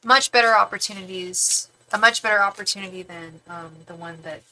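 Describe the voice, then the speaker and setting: A woman's voice: mid-range voice, brisk, pushed and bright, slight background noise, rough recording. A woman tarot reader on a live stream, chatting casually and affectionately with viewers, with lots of fillers.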